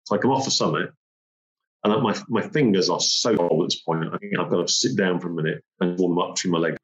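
A man's voice: sits low, quick pace. A man telling a personal story in vivid detail, repeating phrases and acting out the moments he describes. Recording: roomy, dull lo-fi sound.

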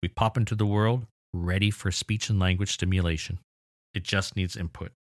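Deep-voiced man explaining enthusiastically. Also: steady tone, normal speed, no echo, clean studio sound. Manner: enthusiastic, explanatory, mildly exasperated asides. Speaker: podcast host. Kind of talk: educational podcast talk.

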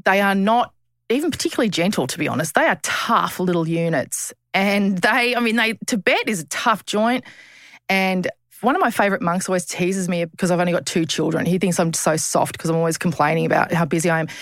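A woman in her 50s, appearing as a podcast guest, speaks fairly quickly in a lowish voice. The candid conversational interview has her talking frankly and bluntly, with teasing humour and the odd swear word, in studio quality with no echo.

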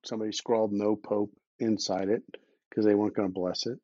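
A man with a lowish, warm voice speaks flatly and briskly as a podcast guest, an underwater explorer in casual conversation. He's blunt and opinionated, swears now and then, and keeps restarting his sentences while fighting the hiccups. The audio is dull, with no echo.

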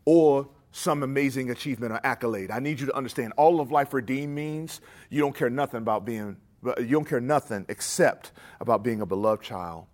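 A man preaching a sermon, telling a family story in a relaxed, conversational way and then dropping into a quiet prayer. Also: medium pitch, fairly quick.

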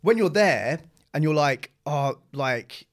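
A man's voice: on the high side, lively intonation, takes it slowly. A man chatting as a podcast guest, telling stories animatedly and laughing often. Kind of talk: casual chat.

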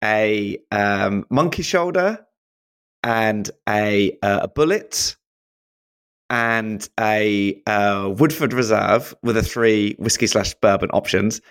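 A man's voice: lowish voice, slow, fairly bright tone, clean tone. Friendly man, comedian guest. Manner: friendly and apologetic. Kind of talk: casual chat.

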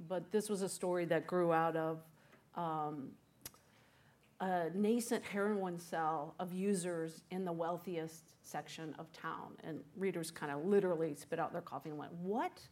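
A woman author and journalist recounting how she found a story, chatty and animated, with many fillers. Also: lowish voice. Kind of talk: conversational storytelling interview.

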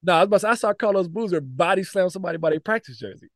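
Animated man telling locker-room stories. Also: sits high, rapid-fire, no room sound, clean studio sound. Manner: animated storytelling, frequent "like" fillers and laughs. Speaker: guest, former pro basketball player. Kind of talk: casual podcast chat.

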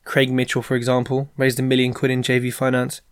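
A man's voice: mid-range voice, monotone, a little fast, clean tone, no echo, studio quality. A man hosting a show, giving casual advice in a chatty way with plenty of fillers and asides. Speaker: podcast host giving business advice.

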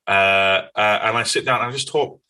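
A man with a Northern English accent, a guest in an interview, telling stories in an earnest, animated way. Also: lowish voice, moderate pace. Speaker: podcast guest. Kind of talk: conversational interview.

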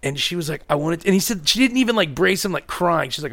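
A man in casual, profane podcast chat, telling stories with lively swings and dropping quiet for the serious parts. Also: fast, creaky, hardly any pauses. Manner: animated storyteller, drops to low quiet tones for serious parts. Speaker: podcast co-host.

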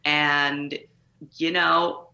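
A woman comedian chats and tells stories with lively profanity. Her voice sits low but sounds bright and forceful. The room around her rings with echo. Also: extremely slow, gravelly. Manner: profane, animated storytelling. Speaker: comedian, podcast guest. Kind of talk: casual chat, storytelling.

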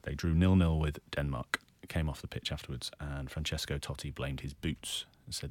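A man's voice: rumbling low, steady tone, moderate pace, no room sound. A man giving football punditry in a casual podcast chat, playful and teasing.

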